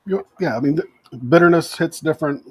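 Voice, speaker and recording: A man's voice: on the high side, fast, a little mellow, slight background noise, rough recording. A man co-hosting a live cooking show from a home kitchen, making teasing jokes in casual banter. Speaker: co-host.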